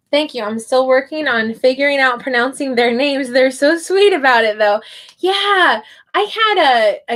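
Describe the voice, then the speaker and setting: A woman with a high, slightly bright voice is teaching online in a casual livestream chat. She sounds hesitant as she works through names one at a time, sounding each out.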